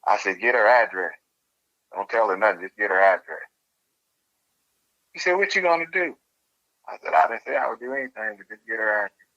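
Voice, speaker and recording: Deep-voiced man, lo-fi line. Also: fast, vocal fry. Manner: animated, laughs while telling the story. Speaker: interview guest. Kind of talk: casual storytelling.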